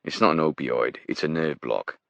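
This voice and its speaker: A man's voice: very deep voice, moderate pace, creaky, fairly bright tone, dry recording, muffled recording, exaggerated voice. A man voicing a blunt, wry British male spy with a British accent, talking in a matter-of-fact way.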